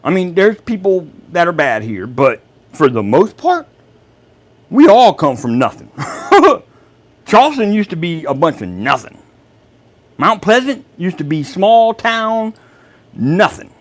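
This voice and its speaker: Salty man, slow and lively. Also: sits high. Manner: salty, swears freely, laughs loudly at his own jokes. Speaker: host of a live chat. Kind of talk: casual livestream chat reading comments.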